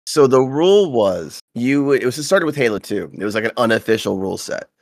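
A man co-hosting a casual podcast, telling rambling, profane gaming stories and getting animated when he quotes people. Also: medium pitch, fairly quick, dry recording. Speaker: podcast co-host.

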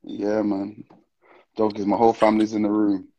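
A man's voice: fairly low pitch, completely flat delivery, normal speed, mellow, no echo, rough recording. A man hosting a casual live stream, full of slang and greeting viewers one after another. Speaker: livestream host.

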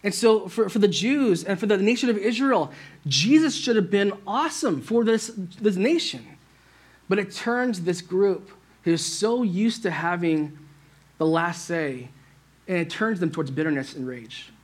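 A male pastor delivers a sermon with a fairly high voice. He keeps it conversational, often checking in with his listeners and speaking to them directly. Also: expressive, a little slow, slightly rough. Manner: conversational, asks the church "right?".

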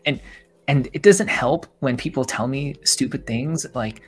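A man's voice: medium pitch, expressive, moderate pace, soft background music. Rambling young man chatting on a podcast. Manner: rambling, reflective, quoting others in dialogue. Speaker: podcast co-host. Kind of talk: casual chat.

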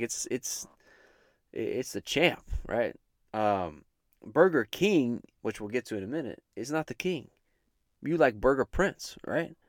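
A man's voice: mid-range voice, no room sound, studio quality. A man hosting a casual chat, rambling and joking with many restarts. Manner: rambling, self-interrupting, jokey. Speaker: host.

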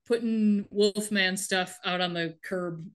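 A woman's voice: mid-range voice, fairly even intonation. A woman co-hosting a podcast, recapping a TV episode in casual chat with a wry, laughing manner, quoting the characters' lines. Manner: wry, laughing, reads show lines in quick put-on voices. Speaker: podcast co-host.

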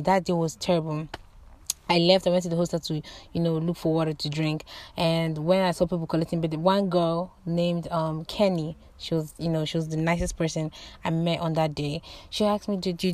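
Girl ranting a storytime vlog, kinda low voice, big exclamations, swears a lot, dead dry audio. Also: no echo. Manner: animated, dramatic storytelling with loud exclamations; swears casually. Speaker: vlogger. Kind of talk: casual storytime to camera.

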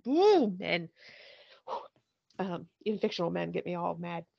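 A woman with a gravelly, fry-edged voice chats loosely about a TV show, laughing often and telling the scenes with lots of swearing. The recording sounds dull and lo-fi, with a dry, close sound and no room around it. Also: fairly low pitch, very animated, a little slow, no echo. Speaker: podcast host. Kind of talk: casual chat recapping a TV show.

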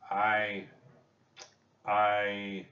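A man voicing an eager, bold young girl in a high, eager voice, heard as a dull, distant recording. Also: normal speed, reverberant, lightly acted.

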